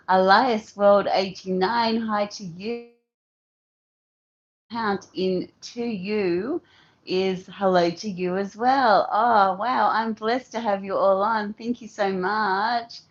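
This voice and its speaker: Slow, soft-spoken Australian woman. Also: mid-range voice, dull audio. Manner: soft, relaxed and affectionate, greeting viewers one by one. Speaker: live-stream host. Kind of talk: casual live-stream chat. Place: at home, indoors.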